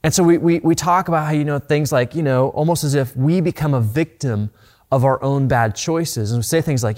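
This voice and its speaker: A man's voice: on the high side, a little fast, darkish tone. A man preaching a sermon as a pastor, earnest and direct, often repeating words as he presses a point.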